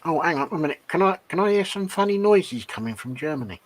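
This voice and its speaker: A man's voice: on the high side, lively intonation, fast. A man co-hosting a casual live-stream chat, mostly agreeing in short replies with some stammering restarts. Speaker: co-host.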